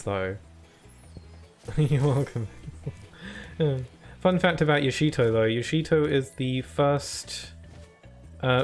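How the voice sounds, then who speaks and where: A man commentates his own live game stream in a relaxed, rambling way, chatting to viewers between moves. His voice sits at an ordinary middle pitch. Quiet game music runs softly behind him. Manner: chatty and rambling, talks to chat between laughs.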